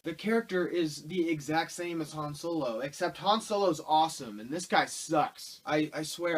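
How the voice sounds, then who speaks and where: Exasperated male film reviewer, fairly high voice. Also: normal speed, few pauses, rough recording. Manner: exasperated, sarcastic, rambling. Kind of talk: casual ranting film review.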